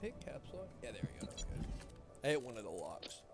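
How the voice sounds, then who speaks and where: A man's voice: mid-range voice, big pitch swings, fairly quick, over loud music. A young man streaming a game, chatting casually in a rambling, laid-back way with lots of swearing and filler words. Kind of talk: casual chat while gaming.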